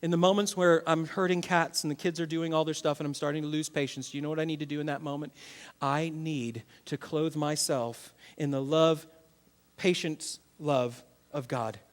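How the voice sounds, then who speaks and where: Male pastor, 30s, high-pitched, animated sermon delivery with big dynamic swings. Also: moderate pace. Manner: animated, swings from loud to quiet.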